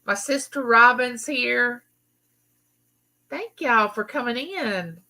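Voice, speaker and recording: Speaking slowly in a bright, forceful voice on the high side, a middle-aged Southern woman from Mississippi hosts a laid-back YouTube live chat, naming viewers as she greets them. The recording is low quality.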